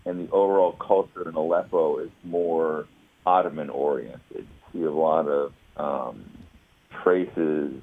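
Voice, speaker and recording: A man with a very deep voice, talking as a guest on a radio show. He explains things in a thoughtful, unhurried conversational way. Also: steady tone, mellow, poor audio. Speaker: guest commentator.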